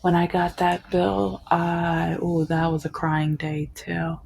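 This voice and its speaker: A woman telling a personal story on her vlog in an emotional, halting way, with many restarts. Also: on the low side, completely flat delivery, a little mellow. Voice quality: gravelly, husky. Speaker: vlogger.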